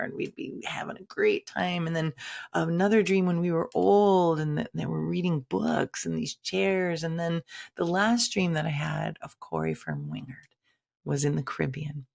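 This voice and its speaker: A woman's voice: sits low, vocal fry, darkish tone. A woman telling a personal story in a candid, conversational way, acting out quoted lines dramatically. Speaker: shaman and teacher.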